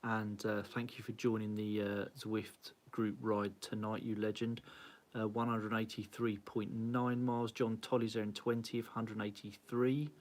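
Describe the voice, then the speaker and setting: A cycling club host runs through the leaderboard on a casual live stream, cheery and chatty, greeting viewers by name. He's flustered and self-mocking, laughing at his own slips, in a lowish, level voice at a slightly slow pace.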